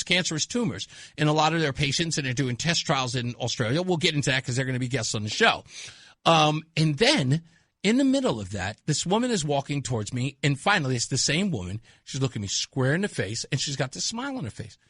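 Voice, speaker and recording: A man's voice: on the high side, fairly quick, dry recording, clean studio sound. A man hosting a radio talk show, telling stories in casual on-air banter and laughing often. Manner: animated storytelling, laughs often. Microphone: studio microphone.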